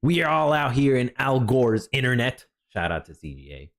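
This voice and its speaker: A jet-lagged male streamer giving relaxed, rambling reaction commentary with chatty asides. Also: mid-range voice, normal speed, creaky. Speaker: streamer reviewing a developer stream.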